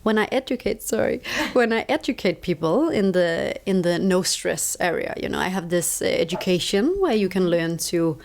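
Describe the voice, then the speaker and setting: A woman's voice: lowish voice, moderate pace, vocal fry, hardly any pauses. Emphatic Danish-accented woman. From Denmark. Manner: emphatic, repeats words for stress. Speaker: interview guest, stress coach. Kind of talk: reflective conversational explaining.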